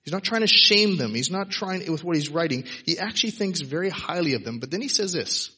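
Preaching at a church service, a pastor speaks in a husky, sharp voice that runs on the high side, animated and a little fast. His sermon is conversational, casual and emphatic, dotted with "right?" asides to the congregation.

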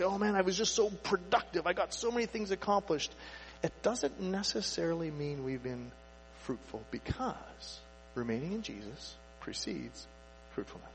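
A man preaching a sermon in a relaxed, conversational way, asking rhetorical questions and acting out people's inner thoughts. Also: on the high side. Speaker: pastor. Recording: echoey hall with faint mains hum. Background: faint mains hum.

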